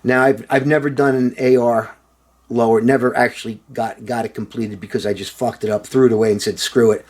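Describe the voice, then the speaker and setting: A man's voice: medium pitch, fairly even intonation, a little fast, a little mellow. A man vlogging in a casual, rambling monologue, sarcastic and profane with lots of fillers.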